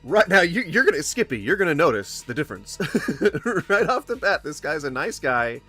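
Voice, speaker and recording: A man's voice: on the high side, moderate pace, breathy edge, soft background music. A man hosting a reaction video, talking in a casual, joking and rambling way. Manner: animated, joking, rambling asides. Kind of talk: casual commentary.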